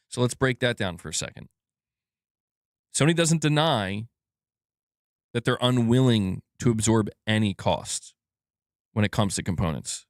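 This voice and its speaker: A man's voice: lowish voice, animated, unhurried, long pauses, dry recording. Casual swearing streamer guy, dry mic. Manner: casual and profane, laughs at himself. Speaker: gaming news streamer. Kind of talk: casual live-stream commentary.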